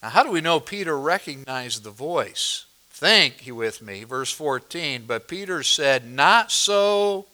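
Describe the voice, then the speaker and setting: Brief: male pastor, high bright voice, unhurried expository sermon with rhetorical questions. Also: animated. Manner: expository, asks the congregation questions; swings between loud emphasis and quiet asides.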